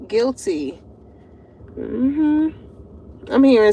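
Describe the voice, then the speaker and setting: A woman with a high voice gives a casual tarot reading straight to her viewers. Her delivery is animated and full of slang, and laughter keeps breaking through. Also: moderate pace, a little hiss or hum. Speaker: tarot reader.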